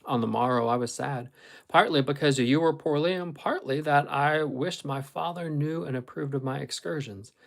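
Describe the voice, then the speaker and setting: A man reading a classic novel aloud in a steady, measured storytelling voice. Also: fairly high pitch, vocal fry, rough recording. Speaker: audiobook reader.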